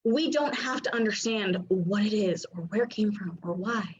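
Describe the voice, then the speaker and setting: A human design coach in her thirties teaches casually over a video call from her home office, chatty, full of fillers, and laughing often. Her medium-pitched voice moves at normal speed, and the audio is dull.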